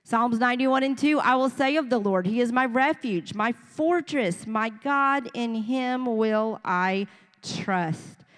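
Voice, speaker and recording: A middle-aged woman delivers a sermon, bringing it alive with animated storytelling and acted-out voices. Her voice sits a touch high, and a long hall reverb trails each line. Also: slow pace. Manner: storytelling, animated, acts out voices of children and parents. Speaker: preacher. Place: church sanctuary.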